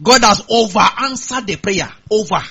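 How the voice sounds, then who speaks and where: A Nigerian man preaching a sermon as a pastor, animated and punctuated with hallelujahs. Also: high-pitched, moderate pace, breathy edge, dull audio.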